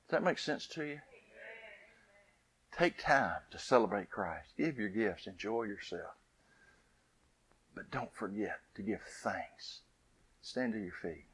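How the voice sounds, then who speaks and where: A man preaching a sermon, telling a family story with lively rises and soft, hushed endings. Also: on the low side, takes it slowly, pauses often, breathy edge.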